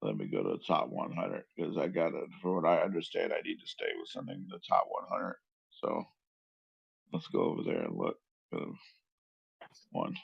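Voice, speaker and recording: Low gravelly man hosting a stream. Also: very animated, normal speed, long pauses, no echo, highs cut off. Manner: rambling, thinks aloud with restarts. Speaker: stream host, crypto chart analyst. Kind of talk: casual live-stream chat.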